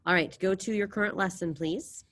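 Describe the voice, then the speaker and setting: A woman's voice: medium pitch, steady tone, fairly quick, fairly bright tone. A woman teaching a language class over a video call, encouraging her students and drilling verb endings aloud. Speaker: Spanish teacher. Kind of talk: online class lesson.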